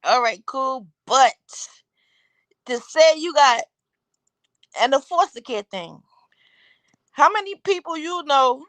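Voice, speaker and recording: A woman's voice: sits high, animated, slow pace, long pauses, fairly bright tone, no room sound. A woman hosting a live talk show, rambling through her opinions and asking the audience one rhetorical question after another. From Caribbean. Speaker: host.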